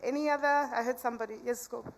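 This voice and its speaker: A South African woman gives a chatty conference talk, peppered with "you know" asides and banter with the audience. Her voice is a little high and gravelly, with fairly even intonation, and she talks fast.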